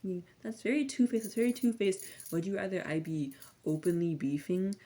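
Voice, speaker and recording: A woman's voice: mid-range voice, normal speed. A young woman giving a rambling ASMR-style rant, slangy and sardonic, sometimes dropping into whispers. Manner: slangy, sardonic, drifting between soft talk and whispers. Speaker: vlogger.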